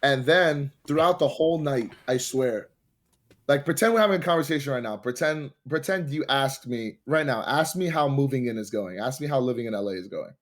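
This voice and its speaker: A young man hosting a podcast, telling a dating story in a casual, animated way and swearing freely. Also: medium pitch, a little fast. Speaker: podcast host.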